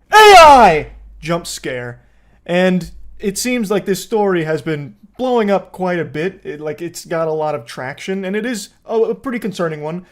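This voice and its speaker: A young man giving casual, deadpan and sarcastic commentary as a host, swearing freely. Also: a little high.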